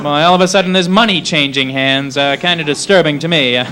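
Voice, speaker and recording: High-voiced wry male stand-up comic. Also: fast talker, a crowd in the background. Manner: wry, sarcastic, slips into mock voices. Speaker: stand-up comedian. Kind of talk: stand-up comedy set. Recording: 1980s cable TV club recording.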